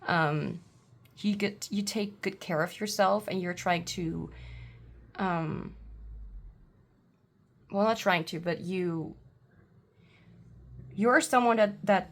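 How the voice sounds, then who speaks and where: A woman giving a casual pick-a-card tarot reading at home, halting and full of fillers, with blunt irritated outbursts. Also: on the low side, fairly bright tone. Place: home, seated.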